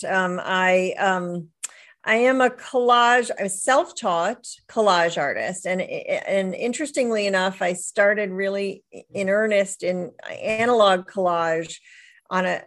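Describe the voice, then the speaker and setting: A middle-aged woman, a widowed author, talking in a casual interview in a reflective way, often restarting her sentences. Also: fairly low pitch. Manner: warm, reflective, with frequent restarts and soft laughs. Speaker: author and guest.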